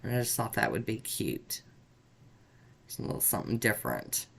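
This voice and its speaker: A woman vlogger chatting upbeat and warm-heartedly as she talks viewers through each step of her nail art. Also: a bass voice, big pitch swings, moderate pace, creaky, pauses often, slightly rough. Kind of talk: casual tutorial narration.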